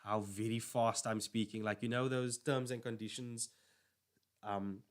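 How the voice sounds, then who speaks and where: A man's voice: on the low side, flat delivery, measured pace. A man chatting casually on a stream, rambling and correcting himself as he goes. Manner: rambling, self-correcting, filler-heavy. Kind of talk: casual chat.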